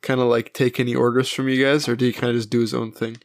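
Fast-talking man with a flat voice. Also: medium pitch, dry recording. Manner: brief slangy interjections and quick follow-up questions. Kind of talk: casual chat.

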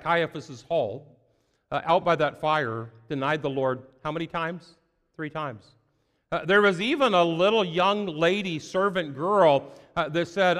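A man preaching a sermon in an earnest, halting way, full of fillers and repeated words. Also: a little high, a bit bright, big-room sound.

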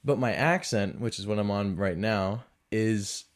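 A man's voice: on the low side, a little slow. A man with a mix of Southern US and Boston accent, hosting a podcast in a rambling, self-mocking storytelling style. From American South and New England. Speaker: podcast host. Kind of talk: casual storytelling monologue.

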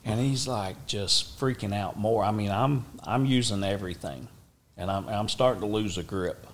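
A middle-aged man tells a story in a casual, animated way and acts out what people said. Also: mid-range voice, a little hiss or hum. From Oklahoma, USA. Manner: animated, acts out quoted speech, drawling. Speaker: interview guest.

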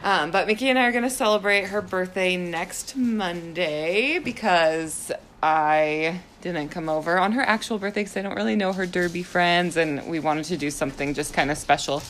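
A woman's voice: on the low side, moderate pace, slight background noise. A young woman co-hosting a podcast, chatting casually and chiming in agreeably while her co-host talks. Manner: warm, agreeable listener, chiming in often. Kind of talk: casual chat.

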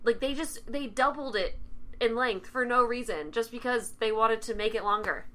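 A woman's voice: a little high, moderate pace, pushed and bright. A young woman co-hosting a casual chat, opinionated and impassioned, often laughing. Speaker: podcast co-host.

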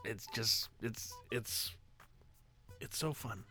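A man co-hosting a casual podcast, relaxed and easily amused. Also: fairly low pitch, slow pace, faint music behind. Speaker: podcast co-host.

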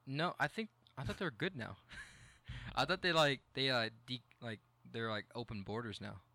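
A man's voice: mid-range voice, normal speed, pushed and bright, dry recording. A young man co-hosting a podcast on a headset mic in casual chat, goofy and laughing a lot as he tries impressions. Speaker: podcast co-host.

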